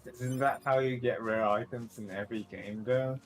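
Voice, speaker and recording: A man's voice: mid-range voice, steady tone, normal speed, soft background music, poor audio. A man co-streaming a game, making dry, questioning remarks. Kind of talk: casual gaming stream chat.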